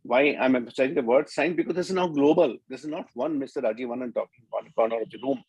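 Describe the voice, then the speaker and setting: A man's voice: mid-range voice, fast, a little mellow, husky, dry recording, low-quality recording. An older man with an Indian English accent, giving an emphatic, explanatory talk as a doctor on a conference panel.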